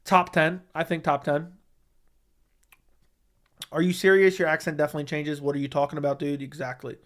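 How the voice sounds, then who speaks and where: Young man, livestream host, curt and profane with chat, slightly high voice. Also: normal speed. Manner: blunt, profane, dismissive banter.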